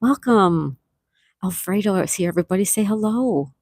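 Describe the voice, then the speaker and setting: A woman's voice: on the low side, animated, moderate pace, darkish tone, no room sound. Chatty woman host greeting her viewers. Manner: chatty and upbeat, greets viewers by name with frequent laughs. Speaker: livestream host. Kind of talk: casual live chat, reading out comments. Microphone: remote mic.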